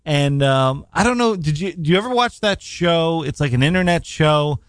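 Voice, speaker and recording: A man's voice: fairly high pitch, lively intonation, moderate pace, dry recording. Guy cohosting a podcast, rambly storyteller, laughs a lot, dead dry mic. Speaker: podcast co-host. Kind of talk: casual chat. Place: New York.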